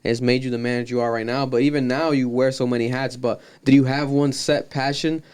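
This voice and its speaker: A man hosts a podcast, leading a casual interview with short, encouraging reactions. His voice is smooth and clear, with a middle pitch. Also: little pitch movement, a little fast, darkish tone. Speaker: podcast host.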